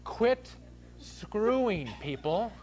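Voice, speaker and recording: Animated, ranting male talk-show host. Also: high-pitched, extremely slow. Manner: animated ranting, bursts into shrieks and laughter.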